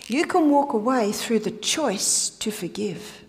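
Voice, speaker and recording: A woman's voice: mid-range voice, normal speed, few pauses, darkish tone. A woman giving a church health lecture, telling stories and asking rhetorical questions, sometimes dropping to a whisper on key points. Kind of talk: sermon-style lecture to an audience.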